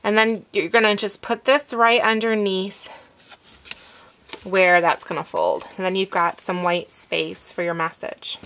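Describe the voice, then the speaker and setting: A woman hosting a craft tutorial, explaining each step in a relaxed instructive way with some fillers as she works. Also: mid-range voice, a little slow. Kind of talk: demonstration, talking while working.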